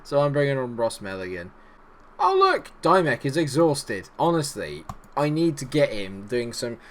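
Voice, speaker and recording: A man giving excitable, jokey let's-play commentary, chatting to the players on screen as he goes. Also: mid-range voice, moderate pace. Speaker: gaming YouTuber.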